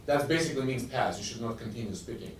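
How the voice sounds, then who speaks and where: A man's voice: medium pitch, quick pace. A man judging a tournament game, firmly calling turns and explaining the rules. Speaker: game judge. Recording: echoey room, from far off, noisy.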